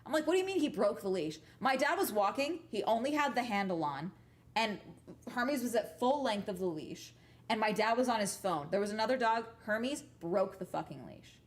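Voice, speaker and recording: A woman's voice: medium pitch, expressive, moderate pace. A woman livestreaming from home, telling rambling stories to her chat in a casual, profane, emphatic way and tagging sentences with "okay?". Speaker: livestream host chatting with viewers.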